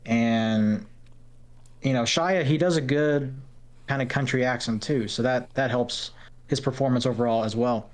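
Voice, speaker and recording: A man talks through his take on a film with a clean, resonant voice. He is blunt and measured, weighing the good against the bad in casual podcast chat. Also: mid-range voice. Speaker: podcast co-host.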